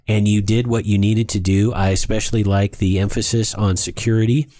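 A man's voice: on the low side, flat delivery, a little fast, mellow, no room sound. A man co-hosting a podcast in casual talk, earnest and emphatic, often repeating his words. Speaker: podcast co-host.

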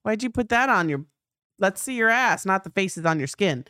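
A woman's voice: medium pitch, animated, normal speed, sharp tone, no room sound, clean studio sound. A middle-aged woman co-hosting a podcast, chatty and playful, often jumping in during casual chat. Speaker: podcast co-host.

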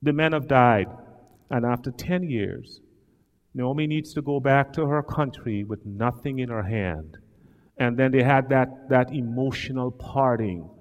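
A man preaching a sermon in a large church hall, talking emphatically and dramatically with sudden loud swells. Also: medium pitch, unhurried, lo-fi sound. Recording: long hall reverb.

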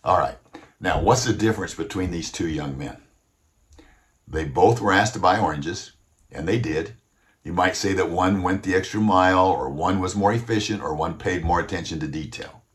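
A man hosting a motivational talk, who speaks emphatically, exhorts the listener, and slows down to stress his points while he tells a story. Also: sits low.

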